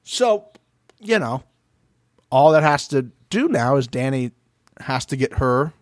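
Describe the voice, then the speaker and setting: A man's voice: mid-range voice, slow, dry recording, clean studio sound. A man co-hosting a podcast, recapping a reality show in casual chat, swearing and acting out what people said. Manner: animated, swearing, acts out quotes. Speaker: podcast co-host.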